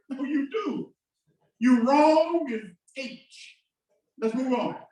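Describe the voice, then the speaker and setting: Preaching in a church sanctuary, this pastor has a very high-pitched male voice, animated yet unhurried. His sermon moves in call-and-response, swinging between shouted bursts and sudden quiet drops, heard from afar in a very echoey room.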